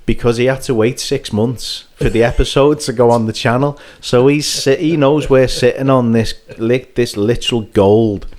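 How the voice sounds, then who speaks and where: A man hosting a casual podcast chat, spinning a funny story with lots of energy. He acts out what others said and breaks into laughter often, at a middling pitch. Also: moderate pace, few pauses, darkish tone. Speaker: podcast host. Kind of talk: casual anecdote telling.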